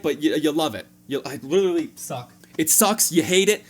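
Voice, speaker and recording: A man hosting a sports fan reaction video. He breaks down the game casually and jokingly, with sudden animated jumps. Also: fairly high pitch, brisk, hardly any pauses, husky.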